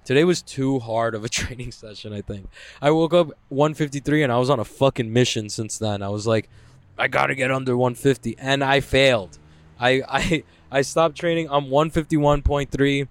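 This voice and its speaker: A man's voice: mid-range voice, normal speed, dry recording. A young man ranting to camera in a loose, profane way, full of "like" fillers. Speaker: vlogger. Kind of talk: casual rambling rant.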